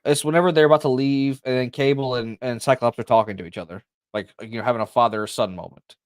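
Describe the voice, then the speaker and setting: A man's voice: medium pitch, steady tone, fast talker, no echo. A man with a mid-range voice eagerly rambles through an explanation on a livestream, stopping and restarting his sentences. The sound is dry and close. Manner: rambling, full of restarts and fillers, eager storyteller. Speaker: podcast co-host. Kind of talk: casual livestream chat.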